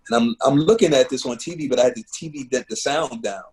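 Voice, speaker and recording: A man's voice: medium pitch, quick pace, darkish tone, rough recording. A man, a musician and teacher, telling earnest, heartfelt stories in a conversational interview, with lots of "man" and "you know". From Baltimore. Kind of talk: reflective conversational storytelling. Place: home living room.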